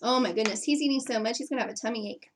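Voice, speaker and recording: A woman's voice: on the high side, racing, slight background noise. A woman reading a picture book aloud to children, stopping to ask them questions about the story. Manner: lively, questioning, with put-on character voices.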